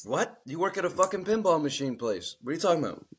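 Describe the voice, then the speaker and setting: A man in his forties co-hosting a podcast, telling profane, animated stories in casual chat and acting out the people he quotes. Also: a little high, quick pace, slightly rough. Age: 40s. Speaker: podcast co-host.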